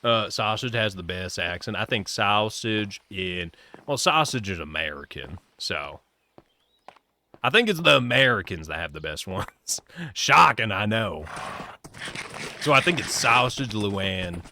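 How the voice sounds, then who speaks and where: A man's voice: fairly low pitch, lively intonation, unhurried, pushed and bright, slight background noise. A young man from Nebraska streaming a game, rambling casually and answering chat as he plays. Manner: rambling, chatty, reads chat aloud. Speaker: livestreamer. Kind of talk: casual chat while gaming.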